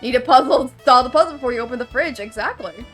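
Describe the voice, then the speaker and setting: A chatty, opinionated woman streaming a game, her fairly high voice rambling with plenty of "like" fillers. She talks off the cuff in a relaxed way. Game music plays steadily behind her. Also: quick pace. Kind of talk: casual game stream commentary.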